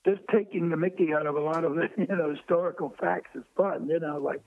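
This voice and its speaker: An older man tells stories over a tinny, dry phone line. His voice sits a bit high, and he bounces between lively anecdotes and quick acted-out voices. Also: dry recording. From Brooklyn, New York. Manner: lively raconteur, acts out quoted voices, chuckles through stories. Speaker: guest. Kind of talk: anecdotal storytelling.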